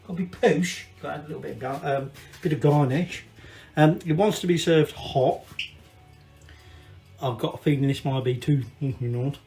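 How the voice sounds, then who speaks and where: Scottish male cooking host, slightly high voice, rambling and sweary, roomy echoey kitchen sound. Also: normal speed, gravelly, mellow, faint music behind. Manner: chatty, rambling, sweary asides. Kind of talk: casual cooking demonstration. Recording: echoey room.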